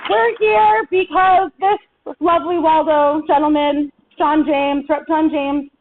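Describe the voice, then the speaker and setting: A woman's voice: high-pitched, steady tone, measured pace. A woman organizer giving an impassioned, rousing rally speech at a town hall meeting, talking folksy and addressing the crowd as y'all. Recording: tinny phone-like recording.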